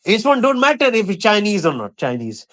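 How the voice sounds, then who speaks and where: Lively woman in broken English, amused. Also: mid-range voice, brisk, dry recording, studio quality. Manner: broken English, keeps saying "sir", amused and teasing. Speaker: car owner.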